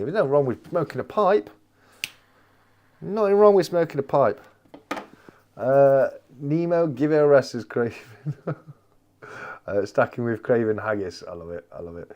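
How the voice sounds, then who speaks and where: A man hosts a casual live chat, answering viewers, repeating his phrases and calling everyone "mate." His voice is medium in pitch with a dark tone.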